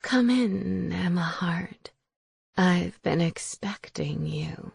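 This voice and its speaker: Creepy old crone as read by a woman, slow low whisper, close dry mic. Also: creaky, a little mellow, breathy edge, no room sound, heavily acted. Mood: eerie. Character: frail ancient witch crone, eerie, knowing. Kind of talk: audiobook character voice.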